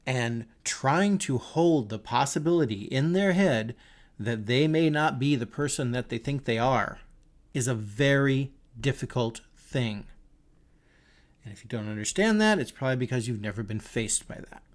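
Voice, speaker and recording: A man's voice: medium pitch, animated, moderate pace. A man hosting his podcast, talking in a thoughtful, earnest way and telling stories as he reflects. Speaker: podcast host. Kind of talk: reflective casual monologue.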